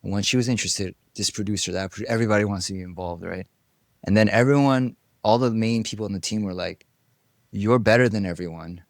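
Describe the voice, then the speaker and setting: Guy on an interview couch, gravelly low voice, dry sound, acts out quotes and swears a bit. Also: fast talker, no echo. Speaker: interview guest. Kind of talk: casual storytelling.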